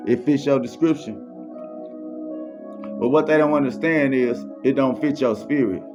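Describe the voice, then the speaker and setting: A man with a medium-pitched voice speaks at a moderate pace over background music. He's a motivational speaker delivering a faith-based monologue that's repetitive, preachy and full of street slang, captured in a muffled lo-fi recording.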